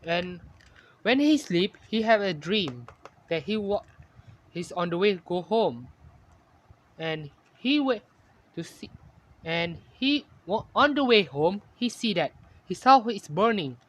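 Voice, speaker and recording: A man narrating a fan-made story in halting, ungrammatical English, often correcting himself. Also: sits high, lively intonation, fairly bright tone.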